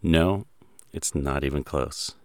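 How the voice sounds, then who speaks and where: Deep-voiced man narrating a wry podcast. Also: slow. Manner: wry, conversational storytelling. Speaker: podcast host.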